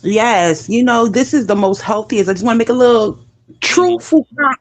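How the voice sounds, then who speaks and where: A woman's voice: on the high side, expressive, moderate pace, dry recording. A woman guest on a video call panel chat, brash and playful, hyping up the audience.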